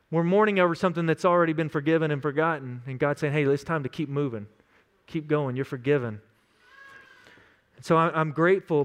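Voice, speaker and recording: Earnest Texan pastor telling stories. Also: male voice, fairly high pitch, clean tone. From West Texas. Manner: storytelling, conversational, earnest. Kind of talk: sermon.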